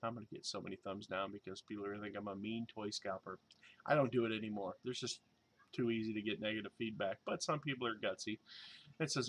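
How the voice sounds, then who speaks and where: A man's voice: lowish voice, quick pace. A man in his thirties chatting casually in a vlog, rambling and joking, with lots of fillers and restarts. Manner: louder and excited when showing toys. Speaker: vlogger and toy reseller.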